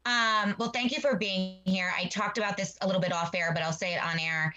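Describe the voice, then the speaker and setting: A woman's voice: mid-range voice, fairly even intonation, brisk, pushed and bright, highs cut off. A woman co-hosting an interview podcast, effusive and rambling, full of asides, speaking over a video call. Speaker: podcast co-host. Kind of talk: casual interview chat.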